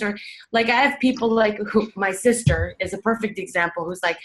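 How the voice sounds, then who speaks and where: A fairly high-voiced woman coach sharing her frustrations on a team call. She is blunt and exasperated, and she swears without holding back. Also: a little fast, a bit bright.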